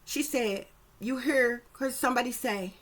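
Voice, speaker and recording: Woman psychic reader, slightly high-pitched, emphatic and profane, loose conversational delivery. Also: a little slow. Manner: emphatic, profane, keeps checking in with listeners. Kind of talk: casual psychic reading commentary.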